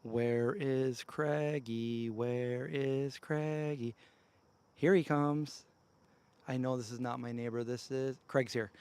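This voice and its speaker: A man's voice: medium pitch, fairly even intonation, measured pace, darkish tone, smooth. Chatty man by a campfire. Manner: loose and chatty, breaks off to call his dogs. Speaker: livestream host. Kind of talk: casual rambling livestream chat. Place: outdoors by a campfire. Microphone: handheld news-style mic held close.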